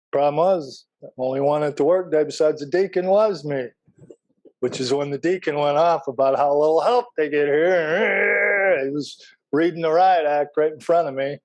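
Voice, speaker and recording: A man's voice: a little high, mellow, low-quality recording. A middle-aged man teaching a Bible class in a casual, folksy way, telling personal stories and asking the class questions.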